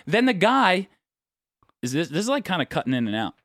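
Young man, casual storyteller, very lively pitch, dry close mic. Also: a little fast, no echo. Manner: animated, acts out quotes with big pitch jumps.

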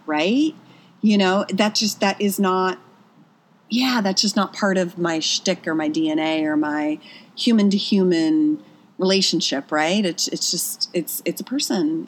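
A woman in her thirties, originally from Pennsylvania, talks as a guest on a casual chat show. Her voice sits a little low, and her storytelling is animated and full of restarts and asides. She works as a personal trainer. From Pennsylvania, USA.

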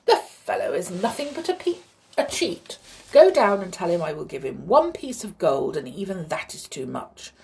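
A woman voicing a greedy, bad-tempered male king who speaks loudly and indignantly. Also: on the low side, big pitch swings, moderate pace, vocal fry. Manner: loud, blustering, indignant.

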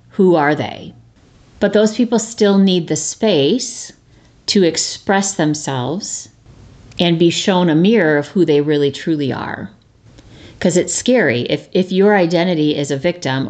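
A woman's voice: low-pitched, darkish tone. A woman in her thirties hosting a reflective solo talk, earnest and conversational, often restarting and tossing in a rhetorical "right?". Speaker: podcast host.

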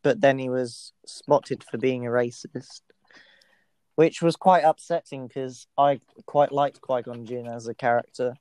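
A man's voice: medium pitch, steady tone, unhurried, a little mellow, clear, resonant tone, dry recording. A man co-hosting a podcast who tells stories in casual chat, with a hesitant, rambling delivery. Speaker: podcast co-host.

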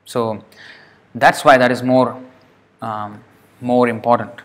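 A man's voice: mid-range voice, steady tone, very slow, pauses often. A man giving a scripture class lecture, reading a passage aloud and then explaining it, often checking in with rhetorical questions. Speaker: scripture teacher.

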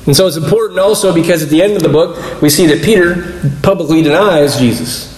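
A man with a fairly high voice preaches in a relaxed, conversational way, stopping to explain and slipping into little acted-out exchanges. The sound carries a noticeable echo from the room around him. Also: brisk, slight background noise. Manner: conversational, explanatory, acts out quoted dialogue. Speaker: pastor teaching a Bible study. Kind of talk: casual sermon.

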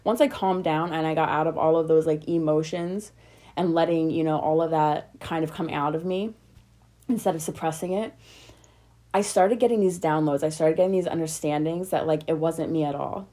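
A young woman speaks straight to her viewers in a personal, emotional vlog. Her voice sits a little low, and she rambles in loose, heartfelt sentences full of likes and okays. She sounds close to tears as she talks. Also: moderate pace, warm tone. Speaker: vlogger.

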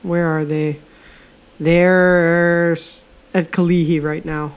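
A man's voice: a little high, level tone, takes it slowly, clean tone. A man co-hosting a casual podcast chat, laid-back and slangy, swearing easily. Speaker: podcast co-host.

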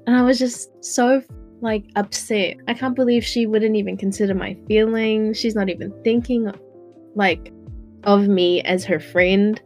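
A woman's voice: medium pitch, steady tone, a little slow, a little mellow, soft background music. A young adult woman, earnestly telling a personal story in casual chat, with lots of "like". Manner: earnest storytelling, heavy use of "like".

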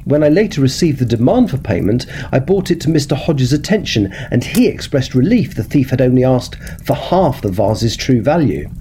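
Give me an indignant, scolding Victorian gentleman, read by a man telling the story, his voice rising as he demands action. He has a mellow tone and swings widely in pitch. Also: big pitch swings, normal speed, hardly any pauses, slight background noise, close to an everyday voice. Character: indignant Victorian gentleman whose property was stolen.

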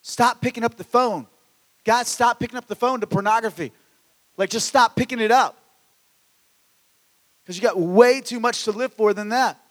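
A man preaching a sermon in an animated way, swinging from loud exclamations to hushed asides, with stammered restarts. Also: very high-pitched, moderate pace, long pauses, in a large hall. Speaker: pastor.

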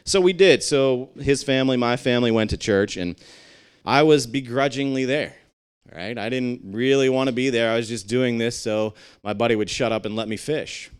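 Smooth-voiced man sharing his story. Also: medium pitch, moderate pace. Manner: candid and conversational, acts out quoted dialogue. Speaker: speaker sharing a personal testimony. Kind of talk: personal testimony talk.

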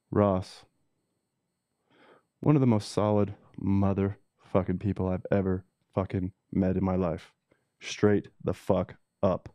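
Profane ranting man with a mellow, deep voice. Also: level tone, slow pace, no echo. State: emotional, teary at times. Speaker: cannabis seed breeder telling a story. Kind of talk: casual storytelling monologue, reading messages aloud.

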